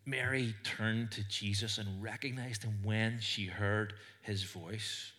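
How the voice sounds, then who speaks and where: A man's voice: fairly low pitch, pushed and bright. A man with a Northern Irish accent, preaching an earnest sermon to a congregation in church and telling stories with small stumbles. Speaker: pastor. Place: church service.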